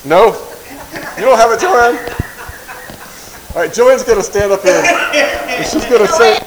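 A man teaching a Bible verse to a live group, light-hearted and joking, drawing out lists slowly as he recites. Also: high-pitched, lively intonation, noisy background. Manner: light-hearted, jokes and chuckles; slow, drawn-out recitation of lists. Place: in front of a group in a room.

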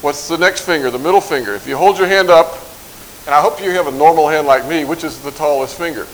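A man teaching a Bible verse to a live group, light-hearted and joking, drawing out lists slowly as he recites. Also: a little high, slight background noise, rough recording. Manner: light-hearted, jokes and chuckles; slow, drawn-out recitation of lists. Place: in front of a group in a room.

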